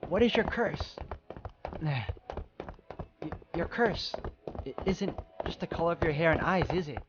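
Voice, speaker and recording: A man's voice: a little high, expressive, a little slow, lo-fi sound, background noise. A man voicing an anxious young man in a video game, asking urgent, stammering questions.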